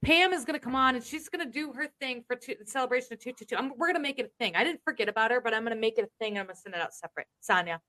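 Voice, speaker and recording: A Texan woman hosting a live stream, talking loud and brash, swearing freely in casual chat. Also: fairly high pitch, racing, few pauses. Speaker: live show host.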